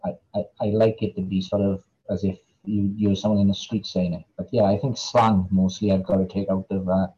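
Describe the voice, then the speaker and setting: A man with a Welsh Valleys accent talks about his writing in a relaxed, hesitant way, circling back on his words. His voice sits low and mellow, with a slightly husky edge, and the recording sounds dull and lo-fi. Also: fairly quick, few pauses. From Wales. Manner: hesitant, many fillers and repeated words. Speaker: author being interviewed. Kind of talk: casual interview chat.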